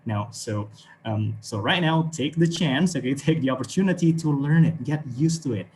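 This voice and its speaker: With a faint hiss or hum in the background, a man from Indonesia teaches English online at a normal speed in a mid-range, slightly mellow voice with an Indonesian accent. He offers encouragement, repeats words, and frequently asks "okay?" and "right?"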